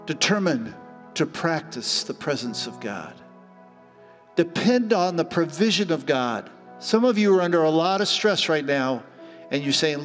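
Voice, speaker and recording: A middle-aged man preaching a sermon as pastor, telling stories with lively acted-out voices. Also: fairly high pitch, unhurried. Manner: animated storytelling, acting out voices. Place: church hall. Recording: church hall reverb with faint music.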